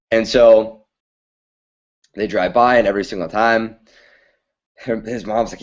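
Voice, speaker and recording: A man's voice: lowish voice, normal speed, long pauses. Stream host, man, chatty storyteller, muffled lo-fi sound. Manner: chatty, keeps checking in with listeners with "right?". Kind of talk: casual storytelling. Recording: dull lo-fi stream audio.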